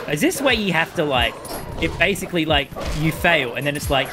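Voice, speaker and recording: Animated man with game music behind. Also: on the high side, a little fast. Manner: excitable, rambling. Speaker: let's play host. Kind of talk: gameplay commentary.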